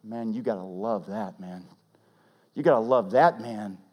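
A man preaching a sermon as pastor, swinging from loud emphatic peaks to hushed, almost whispered lines. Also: on the low side, measured pace. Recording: long reverb of a large hall.

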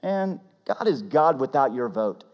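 A man preaching a sermon as pastor, swinging from loud emphatic peaks to hushed, almost whispered lines. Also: mid-range voice, big pitch swings, a little slow. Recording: long reverb of a large hall.

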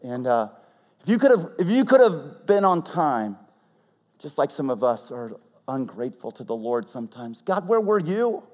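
A male pastor preaching a sermon in a casual, animated way, acting out quotes as he goes. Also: medium pitch, moderate pace. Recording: long hall reverb.

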